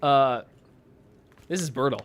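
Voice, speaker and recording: A man's voice: medium pitch, takes it slowly. A man streaming from his bedroom, reacting to posts with sarcastic, mocking commentary and frequent laughter.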